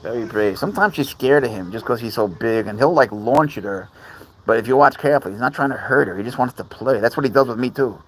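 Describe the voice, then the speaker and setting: Crickets chirp around a man livestreaming outside at night with his cats, bugs all about. He talks fast in a husky, medium-pitched voice, chatting casually and reading out viewer comments. Audio quality is poor.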